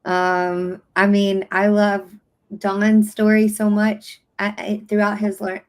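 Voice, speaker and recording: A woman guest in a casual livestream conversation, telling stories with warm enthusiasm and open emotion. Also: medium pitch, level tone, slow.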